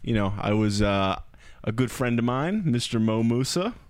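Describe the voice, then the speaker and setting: A man's voice: mid-range voice, lively intonation, normal speed, no room sound. A man co-hosting a podcast, a comedian telling self-mocking stories in a rambling way. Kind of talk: casual podcast banter.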